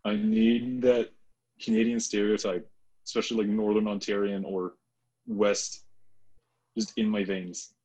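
A man's voice: lowish voice, flat delivery, unhurried, pauses often, mellow, husky, low-quality recording. A man co-hosting a podcast in easygoing, joking casual chat.

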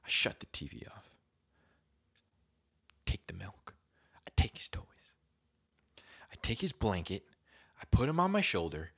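Animated, slangy young man telling a story. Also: fairly low pitch, measured pace, gravelly, pauses often, breathy edge. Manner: animated, slangy, acts out moments with whispers and shouts. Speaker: podcast host. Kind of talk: casual storytelling monologue.

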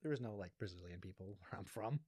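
A man's voice: fairly low pitch, animated, quick pace, a little mellow. A man from Massachusetts, a guest comedian telling a rambling, filler-heavy story on a podcast. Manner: rambling, filler-heavy, laughs through stories.

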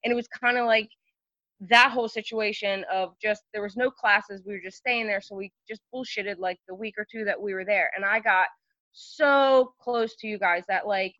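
At a normal speed, a woman with a pushed, bright, medium-pitched voice tells casual stories as a guest on a podcast. She's chatty and leans on fillers, and the recording is dry, echo-free, and slightly dull lo-fi.

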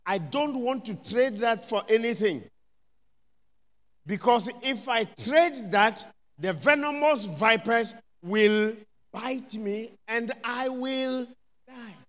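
Emphatic preacher, high for a man. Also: slow pace, fairly bright tone. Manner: emphatic preaching with call-outs of hallelujah and amen. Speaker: bishop, preacher. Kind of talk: sermon. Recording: long reverb of a large hall.

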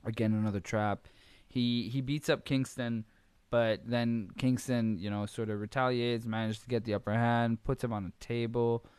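A male podcast host giving a casual, rambling wrestling recap full of swearing, fillers and quick impressions. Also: mid-range voice, level tone, a little mellow, clear, resonant tone, dry recording.

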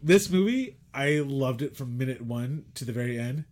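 A man's voice: medium pitch, moderate pace. A man co-hosting a podcast, retelling an old movie in casual chat, acting out quotes and swearing freely. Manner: animated storytelling, acts out quotes, swears and laughs. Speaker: podcast co-host.

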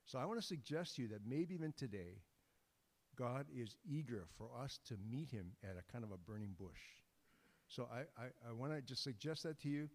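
A man's voice: mid-range voice, animated, fairly quick. A man preaching a sermon in a loose, conversational way, joking with the congregation and often restarting his sentences. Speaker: guest preacher. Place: church sanctuary. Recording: long hall reverb.

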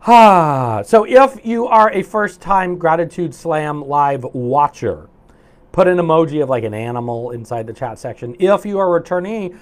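A chatty man leads a morning live stream as a coach, his voice sitting a little high for a man. He talks loosely, filling gaps with "uh" and "right?" as he reads viewers' comments aloud. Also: animated, moderate pace.

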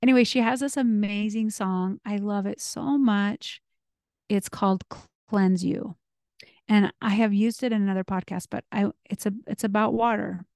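Woman, podcast host; unhurried, earnest devotional delivery, mellow tone, dry close sound. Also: medium pitch, steady tone, no echo. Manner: slow, earnest, reflective with frequent ums.

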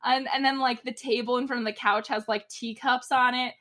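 Bright-voiced woman in casual recap chat. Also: on the high side, steady tone, brisk. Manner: chatty, laughs often, many "like" fillers. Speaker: podcast co-host.

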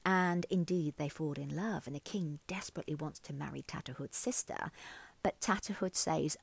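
A woman tells a folk tale aloud, expressive and unhurried, then turns reflective about what it means to her. Her voice sits slightly low and sounds dry and close. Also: vocal fry, slightly rough, no echo. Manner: expressive, reflective, uses fillers. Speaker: storyteller. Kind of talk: oral folk-tale storytelling.

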